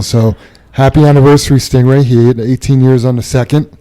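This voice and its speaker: A man's voice: mid-range voice, fairly even intonation, moderate pace, dark tone, rough recording. A man hosting a casual company podcast, upbeat as he reads out staff news and anniversaries. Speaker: podcast host.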